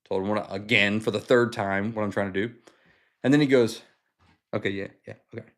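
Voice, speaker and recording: A man's voice: on the low side, a little fast. Casual young man telling a story. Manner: animated, acts out quotes, lots of fillers and swearing. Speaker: livestream host.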